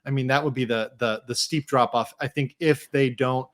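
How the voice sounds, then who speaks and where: A man's voice: mid-range voice, fairly even intonation, moderate pace, no room sound, studio quality. A man chatting casually on a podcast panel, often tagging his points with "right?" and "I mean". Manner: tags remarks with "right?" and "I mean".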